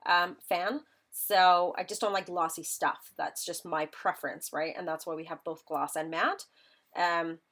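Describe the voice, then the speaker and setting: A woman's voice: on the low side, fairly bright tone. A woman instructor chatting to viewers while she demonstrates a live craft project, joking about herself as she works. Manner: chatty, self-deprecating, talks to viewers while working.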